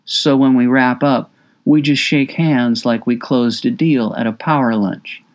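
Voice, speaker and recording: A man's voice: medium pitch, fairly even intonation, unhurried. A man narrating his own memoir as an audiobook, intimate and confessional, with raw emotion in his quoted words.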